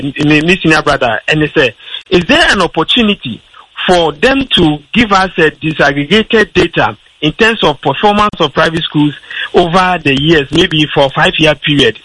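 A man's voice: on the high side, normal speed, bright, forceful tone, husky, dry recording, rough recording. A man, a guest on a radio discussion, arguing his position firmly with frequent restarts and fillers. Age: adult with a school-age child. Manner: argumentative, many restarts and fillers. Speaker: radio talk show guest.

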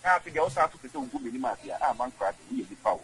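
A man, rambling in halting speech with many repeated words as an interview guest on radio. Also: medium pitch, expressive, a loud crowd, rough recording. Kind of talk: casual interview.

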